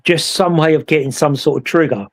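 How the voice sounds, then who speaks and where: A man with a fairly high speaking voice tells a spooky tale in a lively, chatty way. He slips into other voices as he retells what happened. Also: a little fast. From England. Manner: animated, acts out voices in his story. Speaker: paranormal investigator. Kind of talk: casual storytelling chat.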